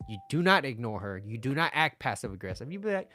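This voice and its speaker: A man in the middle of the usual pitch range talks through dating advice, blunt and swearing freely. He laughs often and acts out both sides of imagined conversations. Faint music plays behind him. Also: big pitch swings, quick pace, hardly any pauses, a bit bright. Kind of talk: casual advice monologue.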